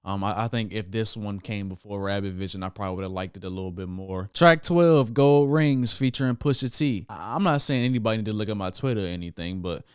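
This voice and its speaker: A man giving a casual reaction review of an album, often stammering and restarting, with sudden excited outbursts. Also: deep voice, quick pace, hardly any pauses, smooth, dry recording, clean studio sound.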